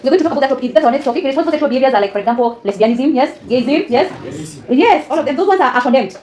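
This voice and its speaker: A woman's voice: high-pitched, expressive, racing, a little mellow. A woman teaching a classroom lesson, often quizzing students with fill-in questions and laughing. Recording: echoey classroom with student chatter.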